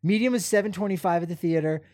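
A man's voice: high-pitched, fast. A man co-hosting a podcast, chatting casually and rambling with fillers. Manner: relaxed, rambling, many fillers. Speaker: podcast co-host. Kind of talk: casual sports chat.

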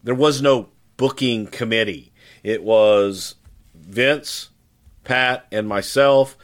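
A man's voice: on the low side, slow pace. A middle-aged man on a podcast who recalls his career in a blunt, emphatic way and firmly denies claims made about him. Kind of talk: casual podcast conversation.

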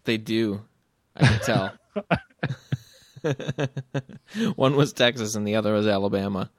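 A man's voice: on the low side, slow, dry recording. A man co-hosting a podcast, trading dry, wry one-liners and laughing often. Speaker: podcast co-host. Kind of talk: casual chat.

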